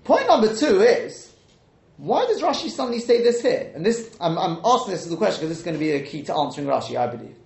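A man teaching a Talmud class, questioning the texts out loud and mixing in Hebrew and Aramaic terms. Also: sits high, very animated, quick pace, creaky, roomy sound.

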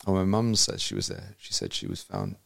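A man with a very low, gravelly voice hosts a conversational interview, telling stories eagerly and restarting his sentences as he goes. He sounds close and dry, with no room around him. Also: very animated, fairly quick, no echo. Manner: enthusiastic, rambling storyteller with frequent restarts. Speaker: host.

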